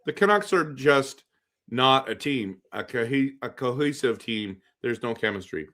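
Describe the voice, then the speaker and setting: A man's voice: mid-range voice, expressive, a little slow, sharp tone. A man hosting a casual live stream, reacting to a hockey game and reading viewer comments, rambling and repeating himself. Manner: rambling, repeats himself, reads chat aloud. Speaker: livestream host.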